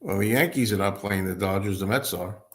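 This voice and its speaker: A man's voice: lowish voice, a little fast. A man hosting a casual livestream, chatting and answering viewer comments as they come in. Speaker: livestream host.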